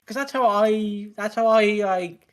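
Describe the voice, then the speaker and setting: A person co-hosting a casual podcast chat who talks haltingly with many fillers, swears, and muses aloud. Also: medium pitch. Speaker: podcast co-host.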